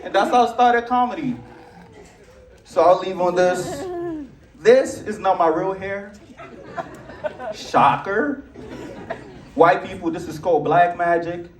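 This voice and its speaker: A young man with a Nigerian accent doing a stand-up comedy set, animated and jumping into a high voice for acted quotes. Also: slow, long pauses, a faint crowd. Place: large theater stage with live audience. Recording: roomy theater sound, distant mic, loud audience laughter.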